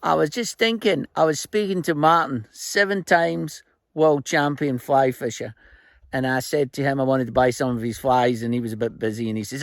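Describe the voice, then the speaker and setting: A man's voice: medium pitch, steady tone, moderate pace, dry recording, clean studio sound. A Scottish man from Scotland, probably in his fifties, telling jokey, rambling anecdotes outdoors by a remote road in a casual vlog. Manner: chatty, jokey, rambling storyteller. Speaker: fly-tying vlogger.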